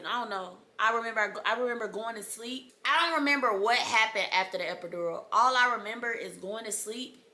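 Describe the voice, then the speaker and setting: A young woman, dramatically telling the story of her birth in a casual storytime vlog, with laughter and sudden loud outbursts. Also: medium pitch, slight background noise. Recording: echoey room.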